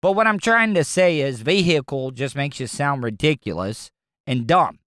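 A man's voice: fairly high pitch, lively intonation, normal speed, a bit bright, dry recording, studio quality. Blunt Southern radio host man. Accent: Southern American. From American South. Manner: blunt, rambling, conversational. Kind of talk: opinionated talk radio monologue.

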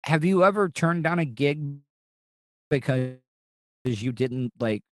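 A man's voice: on the high side, animated, takes it slowly, no echo. A man hosting a casual talk show, telling stories in a rambling, profane way with many restarts. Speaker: podcast host. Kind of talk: casual chat. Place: Orlando, Florida.

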